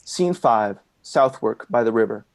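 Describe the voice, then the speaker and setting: A man reading stage directions in a live play reading over a video call, in a plain, even manner. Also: medium pitch, unhurried.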